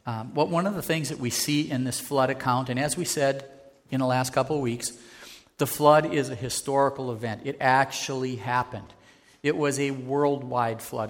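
A man preaching a sermon as pastor, earnest and conversational, building to fervor. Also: mid-range voice. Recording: reverberant church hall.

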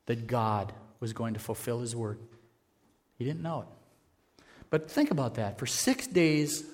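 Earnest male pastor preaching in a hall. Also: medium pitch. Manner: earnest, conversational preaching, building to fervor. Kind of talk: sermon. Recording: reverberant church hall.

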